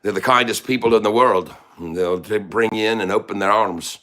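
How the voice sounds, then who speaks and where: A man plays a boastful leprechaun with a put-on Irish accent, swaggering and mock-tough as he teases a live-stream chat. The voice sits on the low side for a man, with a cheeky lilt. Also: a little fast, pushed and bright.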